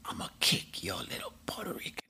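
Man putting on a gruff older jazz trumpeter, hoarse high whisper, menacing. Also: a little fast, pushed and bright. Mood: threatening.

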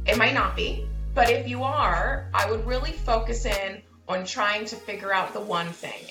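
Calm, mellow young woman guest; roomy echo with music behind. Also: mid-range voice. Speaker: copywriter guest. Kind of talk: interview answers, giving advice.

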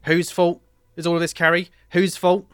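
A man's voice: high voice, little pitch movement, moderate pace, a bit bright, smooth, no echo, pitched above the performer's own voice. A man voicing a young male bard who is possessed and angry, snapping at his companions. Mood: accusing.

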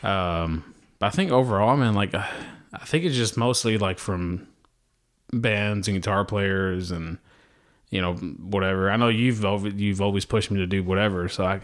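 A man's voice: fairly low pitch, moderate pace. A man chatting casually as a podcast guest, rambling with many fillers and restarts. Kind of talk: casual chat.

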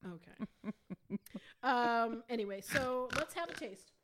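Bright, playful woman co-host. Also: on the high side, lively intonation, slow, a little hiss or hum. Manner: playful, self-amused banter. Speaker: podcast co-host. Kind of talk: casual comedic chat.

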